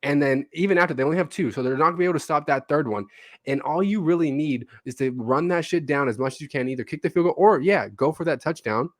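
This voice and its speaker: A man's voice: fairly high pitch, quick pace, dry recording, clean studio sound. A young man co-hosting a casual sports podcast, telling stories with lots of swearing and energy. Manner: animated, profane storytelling. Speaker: podcast co-host.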